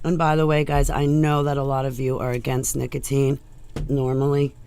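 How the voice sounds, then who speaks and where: A woman vlogger talking loudly in a rambling monologue that jumps from one tangent to the next. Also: rumbling low, level tone, moderate pace, slight background noise. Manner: loud, rambling, jumps between topics.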